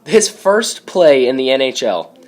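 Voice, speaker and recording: A young man co-hosts a casual podcast, throwing in short, emphatic, teasing quips. His voice sits at an ordinary middle pitch. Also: very animated, measured pace. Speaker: podcast co-host.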